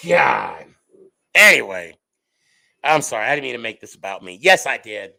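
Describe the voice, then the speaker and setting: A middle-aged man hosts a podcast in casual chat, telling stories with big swings in loudness and pitch. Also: big pitch swings, moderate pace, gravelly, low-quality recording. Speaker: podcast host.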